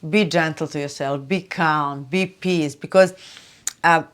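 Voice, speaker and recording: A woman hosting a spiritual video, talking loosely and chattily with lots of "you know" and "like", turning soft and hushed for advice. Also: low-pitched, unhurried, smooth. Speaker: spiritual channel host. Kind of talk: casual spiritual talk to camera.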